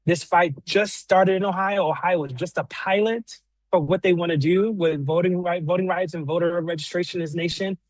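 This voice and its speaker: A man's voice: high-pitched, fairly even intonation, normal speed, no echo, rough recording. Fervent man giving a rally speech. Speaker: guest speaker, organizer.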